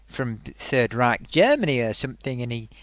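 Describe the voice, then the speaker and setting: Film review rant, sarcastic, rambling, lively swooping pitch, dry close sound. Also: normal speed, no room sound. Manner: frequent fillers and amused laughs. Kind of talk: ranting spoken review.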